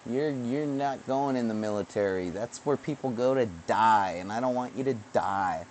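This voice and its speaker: A man voicing his stern, protective father gruffly lecturing his kid. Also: medium pitch, normal speed, a little hiss or hum, close to an everyday voice.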